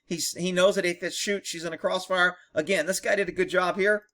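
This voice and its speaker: Higher-pitched man, blunt, sarcastic and profane, giving video commentary. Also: fairly even intonation, fairly quick, background noise.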